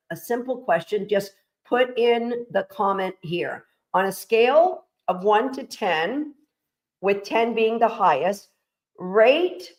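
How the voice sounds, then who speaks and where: A woman's voice: medium pitch, low-quality recording. A woman hosting a casual panel chat, enthusiastic and encouraging as she reads out viewer comments. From Canada. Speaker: host of agility training livestream.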